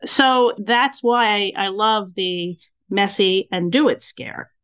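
A woman in her sixties hosting a podcast, chatting casually and telling stories with lively, acted-out reactions. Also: mid-range voice, takes it slowly, smooth. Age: 60s. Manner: animated storyteller acting out her own reactions. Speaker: podcast host. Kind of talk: casual interview chat.

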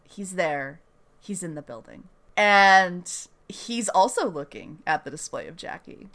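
Chatting casually and with lots of energy, a young podcast host recaps a TV episode and performs its scenes. Her voice is medium in pitch and a bit bright.

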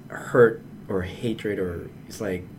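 A man's voice: lowish voice, takes it slowly, slight background noise. A man, an aspiring novelist, talking casually in a panel discussion with many restarts and fillers. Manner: rambling, frequent restarts and fillers.

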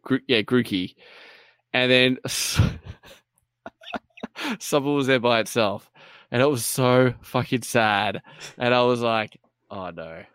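A man in casual gaming chat, animated and swearing often, acting out little voices. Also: medium pitch, slow, pauses often, smooth, no echo, clean studio sound.

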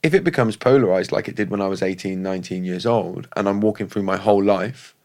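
Male podcast host, brisk and animated, lowish voice. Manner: fast, animated talker, explaining with examples. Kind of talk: casual podcast conversation.

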